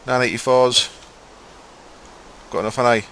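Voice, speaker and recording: A man's voice: medium pitch, level tone, normal speed, a bit bright, slight background noise. A young man with a mild Hull accent from East Yorkshire, chatting casually and muttering to himself while streaming a game. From Hull, East Yorkshire, England. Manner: rambling, mumbles to himself while playing, swears casually. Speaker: gaming streamer. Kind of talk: casual gameplay commentary chatting with live chat.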